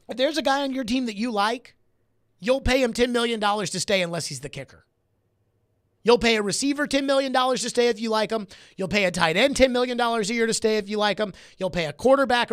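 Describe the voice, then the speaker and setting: A man's voice: very high voice, a bit bright, no echo. A man hosting a sports talk radio show, arguing his point emphatically and repeating key phrases for stress, on a studio microphone.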